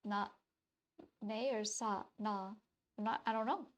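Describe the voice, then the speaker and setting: Here a woman in her thirties, with a faint trace of a Wisconsin accent, casually rambles to her stream audience as she draws. Her mid-range voice is unhurried, and the recording sounds muffled. Fillers and restarts crop up constantly.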